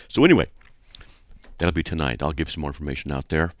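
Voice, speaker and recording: A man's voice: low voice, huge pitch swings, fast talker, fairly bright tone, no room sound. A middle-aged man hosting a call-in radio show, chatty and playful, rambling casually.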